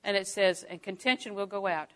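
An older woman teaching a Bible lesson, lively and chuckling often, acting out her own thoughts in quotes. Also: mid-range voice, a little fast. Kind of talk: sermon.

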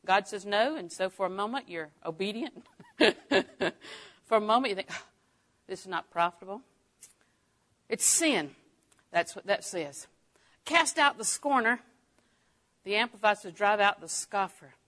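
An older woman teaching the Bible gives a sermon in a bright, clear, mid-range voice. She's lively and laughs often, acting out her inner thoughts in quick quoted asides. Her delivery moves between soft, confiding remarks and loud, emphatic lines.

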